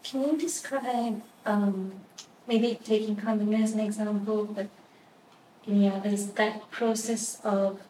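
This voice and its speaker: A woman interviewing, asking long questions in a slow, measured way. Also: medium pitch, steady tone, dark tone. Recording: distant and echoey, faint room noise.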